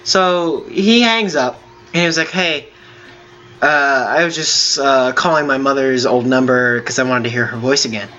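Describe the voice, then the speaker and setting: A man hosting a gaming video, telling a long story in a halting, rambling way with many fillers while he plays. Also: medium pitch, bright, forceful tone, highs cut off, a little hiss or hum. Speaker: gaming channel host. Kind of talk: telling a story over gameplay.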